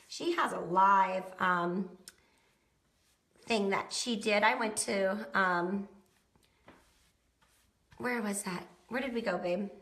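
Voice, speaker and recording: A woman's voice: medium pitch, sharp tone. A woman giving a casual how-to painting demonstration, chatting folksily to viewers as she works. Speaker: DIY painting instructor. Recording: roomy echo.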